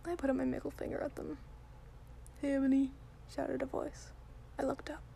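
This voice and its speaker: A woman reading a story in a soft, deadpan whisper, in a whispered ASMR reading style. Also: high-pitched, a little fast, gravelly, slight background noise.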